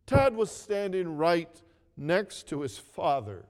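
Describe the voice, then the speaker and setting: Brief: male preacher, slow and earnest storyteller, slightly high voice, reverberant hall sound. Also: sing-song. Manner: earnest storytelling, repeats phrases, asks the listeners to read along. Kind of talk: sermon.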